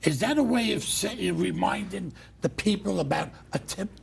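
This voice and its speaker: A middle-aged man hosts a talk show, ranting bluntly and loudly as he tells his stories. His voice sits high for a man and is deeply gravelly, with a rough, creaky edge. A faint hiss of noise runs underneath. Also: moderate pace. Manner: blunt, loud, animated storyteller. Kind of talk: casual ranting monologue.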